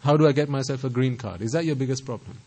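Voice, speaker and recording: Guy preaching a buddhist sermon, mid-pitched voice, lots of repeated questions, careful about pronunciation. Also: quick pace, mellow, low-quality recording. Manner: rhetorical questions, repeats phrases for emphasis. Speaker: Buddhist teacher.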